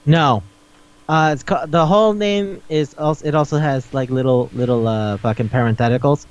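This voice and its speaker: A man's voice: medium pitch, moderate pace, muffled recording. A man hosting a podcast in casual chat, rambling through a recap, swearing often and laughing as he talks. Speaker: podcast host.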